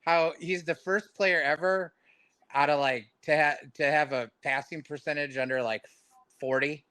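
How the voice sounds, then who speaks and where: Brief: man with a slightly higher voice, blunt rambling sports opinions, dry recording. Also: fairly even intonation, normal speed, bright, forceful tone, clean tone, dry recording. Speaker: podcast guest. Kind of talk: casual sports chat.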